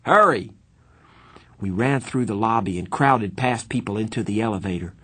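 A man reading a novel aloud in the first person, with measured, earnest storytelling. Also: fairly low pitch, breathy edge. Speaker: audiobook narrator.

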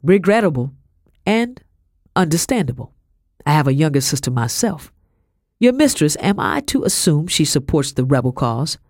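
A woman's voice: low-pitched, sing-song, normal speed, darkish tone, dry recording. A stern, formal male army captain , voiced by a woman reader gives orders in short, clipped sentences. The voice sits close to the mic with no room sound.

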